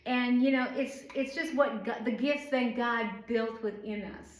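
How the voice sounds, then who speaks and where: A woman's voice: a little high, a little slow. Chatty woman teacher, echoey room. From northern United States. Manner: rambling, chatty, many fillers. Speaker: Bible study teacher. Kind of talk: informal Bible teaching. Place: church room.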